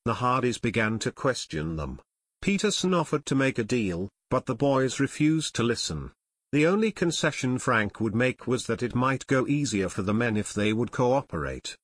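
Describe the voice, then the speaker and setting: A man's voice: mid-range voice, slightly rough, no echo, clean studio sound. A man narrating an audiobook expressively, voicing every character.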